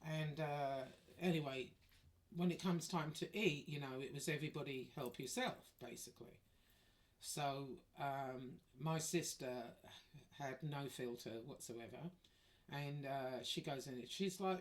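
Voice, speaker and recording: A woman's voice: rumbling low, a little slow. A woman telling a personal story in a chatty, wry way, swearing freely. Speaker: vlogger. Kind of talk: casual storytelling.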